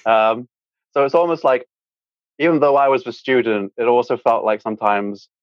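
A man's voice: mid-range voice, fairly even intonation, moderate pace, no room sound. A young man with a British accent, a guest in a casual interview, talking in a rambling way with lots of fillers. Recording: dull, dry lo-fi sound.

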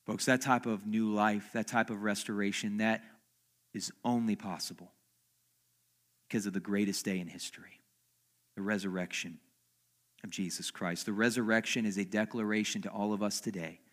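A male pastor preaching a dramatic sermon at a church service, swinging from loud emphasis to soft, near-whispered lines. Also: on the low side, steady tone, moderate pace, pauses often.

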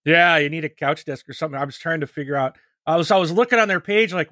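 A man co-hosting a podcast who rambles through his points with halting restarts. His voice is a bit high, and the recording is dry and close. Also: expressive, pushed and bright, no echo. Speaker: podcast co-host. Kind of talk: casual podcast chat.

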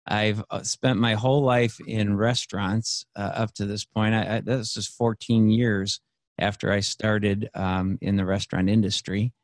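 A man's voice: lowish voice, steady tone, unhurried, no room sound, studio quality. A man, a podcast guest, telling a personal story in a rambling, earnest way, full of fillers and restarts. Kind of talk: casual storytelling conversation.

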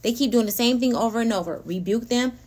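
A woman hosting a casual spiritual talk, animated and laughing often as she speaks straight to her listeners. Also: a little high, quick pace. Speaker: podcast host.

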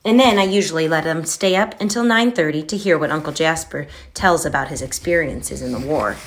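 A woman's voice: deep voice, a little fast, natural voice. A woman doing a prim, self-satisfied neighbor. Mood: smug.

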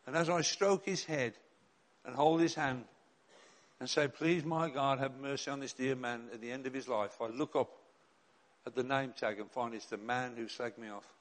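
A man's voice: medium pitch, fairly even intonation, moderate pace. An older man, a bishop and chaplain preaching a sermon in an earnest, direct way with rhetorical questions and repeated refrains.

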